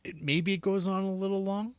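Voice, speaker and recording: A man's voice: high-pitched, steady tone, brisk, clean tone, no echo. A young man casually retelling a film's story, full of fillers, restarts and "like". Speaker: podcast co-host. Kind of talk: casual movie discussion.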